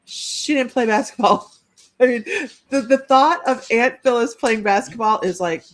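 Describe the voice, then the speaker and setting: A woman's voice: fairly high pitch, unhurried. A woman working as a psychic medium, giving a chatty live-streamed reading and relaying messages with frequent restarts.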